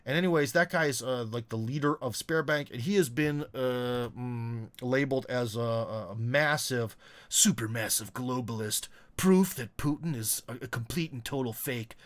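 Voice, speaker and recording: A man's voice: medium pitch, normal speed. A man giving casual, rambling live commentary, chatty and full of fillers and asides. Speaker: commentator hosting a live talk. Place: lives in Russia.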